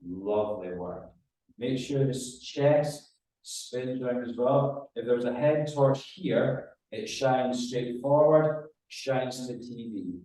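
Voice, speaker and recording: A man leads an exercise class in a mellow, unhurried voice, calmly cueing each movement and counting down the reps. He is recorded from a distance in a strongly echoing room. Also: medium pitch. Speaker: running rehab coach. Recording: very echoey room, mic far off.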